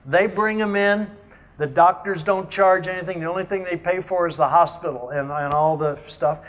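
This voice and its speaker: A man giving a talk at a networking meeting, telling a personal story in an animated way and acting out what other people said. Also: high-pitched, moderate pace. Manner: animated anecdotal storytelling, quotes others in voices. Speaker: guest speaker. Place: meeting room at a business networking breakfast.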